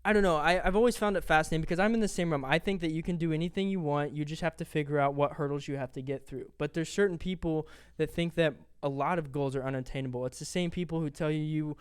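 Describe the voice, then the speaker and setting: A man's voice: a little high, fast talker, few pauses, smooth, dry recording, studio quality. A man hosting a podcast, speaking in long, winding sentences full of fillers. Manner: rambling, many fillers and restarts. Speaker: podcast host. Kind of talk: casual interview.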